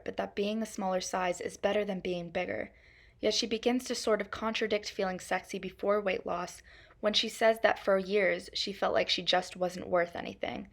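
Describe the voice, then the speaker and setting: A young adult woman with a medium-pitched voice reads her class presentation as a student. Her delivery is steady and measured, with frequent hedging phrases.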